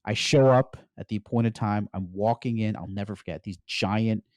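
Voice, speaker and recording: A middle-aged man from the United States, a podcast guest recounting his story in an animated way and often saying "like". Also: lowish voice, moderate pace, dry recording. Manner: animated storyteller, peppers speech with "like". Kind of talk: storytelling interview.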